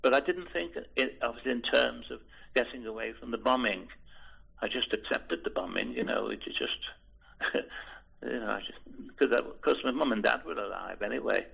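A man in his eighties, from Liverpool, recalling his past in an oral history interview, hesitant and repeating words with soft chuckles. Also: mid-range voice, moderate pace, gravelly, husky. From Liverpool, England. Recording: tinny phone-like recording.

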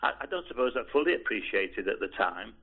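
An older man from Liverpool reminiscing in an interview, speaking in a halting, hesitant way with many restarts and repeated words. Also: fairly low pitch, very animated, vocal fry, husky, faint music behind. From Liverpool, England. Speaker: oral history interviewee. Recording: tinny phone-like lo-fi recording.

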